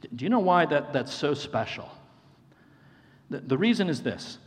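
A pastor preaches an earnest sermon, often repeating a phrase for emphasis and calling his listeners friends. His voice sits on the high side with big pitch swings and an unhurried pace. The recording carries long hall reverb.

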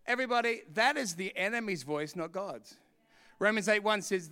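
A man's voice: high voice, moderate pace, sharp tone, clean tone, big-room sound. A man preaching a sermon in church, telling stories with humor and laughing often. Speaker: pastor.

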